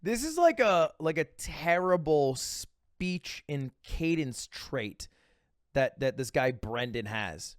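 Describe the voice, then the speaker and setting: A man's voice: a little high, big pitch swings, slow pace, dry recording, clean studio sound. A man streaming from home who chats casually and rambles while joking, trailing off with little filler noises. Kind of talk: casual chat reacting to videos.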